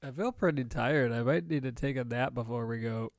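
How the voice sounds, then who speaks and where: A man's voice: mid-range voice, a little fast, dry recording, clean studio sound. A man playing a tabletop game, talking playfully and laughing between lines. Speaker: player. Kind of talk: in-character play at a tabletop game.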